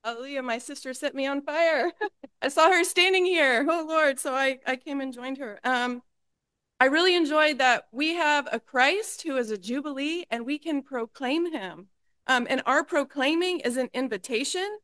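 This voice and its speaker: Chatty bright-voiced woman sharing at church. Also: high voice, moderate pace, no room sound. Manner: conversational, with fillers. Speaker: church member sharing in a meeting. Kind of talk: casual testimony.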